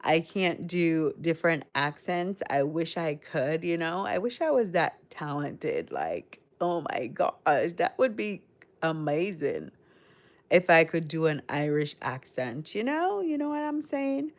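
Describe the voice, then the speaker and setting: Slow, low-voiced Caribbean-American woman. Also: animated. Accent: Caribbean mixed with American. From Caribbean, raised in Connecticut. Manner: chatty, rambling, addresses chat directly. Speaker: livestream host. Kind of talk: casual live-stream chat with viewers.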